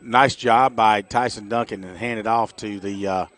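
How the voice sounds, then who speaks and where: A middle-aged man giving chatty, folksy color commentary on a high school football game for radio. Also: fairly even intonation, normal speed, a bit bright. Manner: folksy, chatty, jokey asides.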